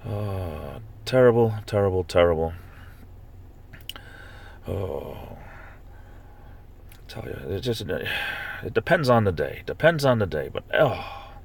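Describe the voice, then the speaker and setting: Guy with a lowish voice rambling on his live stream, lots of uh and restarts, goes squeaky when he rants. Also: very animated, slow, creaky, pauses often, husky. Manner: rambling, chatty, with repeated fillers and restarts; bursts into high-pitched mock outrage when ranting. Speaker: live stream host reading chat. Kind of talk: casual live stream chat.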